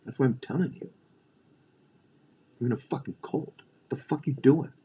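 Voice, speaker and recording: A man's voice: mid-range voice, normal speed, mellow, slightly rough. A middle-aged man hosting a livestream, ranting bluntly and profanely, often repeating and restarting his phrases. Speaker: livestream host.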